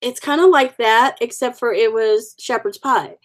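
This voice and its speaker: A woman's voice: fairly high pitch, normal speed. Chatty woman hosting a livestream. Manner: chatty, warm-hearted, rambling with fillers. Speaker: livestream host. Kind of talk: casual live chat with viewers.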